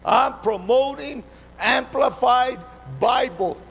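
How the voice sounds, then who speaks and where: A man's voice: very high-pitched, takes it slowly, vocal fry, fairly bright tone, slightly rough. A man preaching a live church sermon, fervent and repetitive, calling out to the congregation in a call-and-response way. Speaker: pastor. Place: church sanctuary. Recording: reverberant hall, faint background noise.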